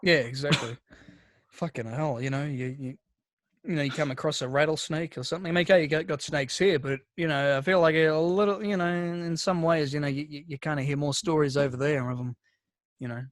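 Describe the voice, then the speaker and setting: A man's voice: a little high, steady tone, a little fast, no room sound, clean studio sound. A man chatting casually on a podcast, telling stories with lots of swearing and restarts. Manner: rambling storyteller, heavy swearing, many restarts. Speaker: podcast co-host. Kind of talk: casual chat.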